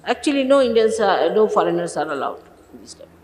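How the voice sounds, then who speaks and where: A woman's voice: medium pitch, big pitch swings, fast, a little mellow, long reverb tail, poor audio. A woman in her sixties, a spiritual teacher sternly scolding a gathering of followers with exasperated rhetorical questions, on an archival talk recording. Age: 60s.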